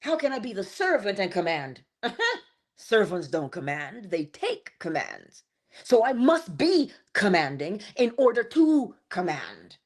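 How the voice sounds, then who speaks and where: A middle-aged woman hosts a morning spiritual livestream from home, talking in an animated, preacher-like way. Her pitch swoops up and down with lots of expression, and she breaks into asides as she goes. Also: measured pace. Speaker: host of a morning inspiration livestream. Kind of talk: spiritual talk and livestream greetings.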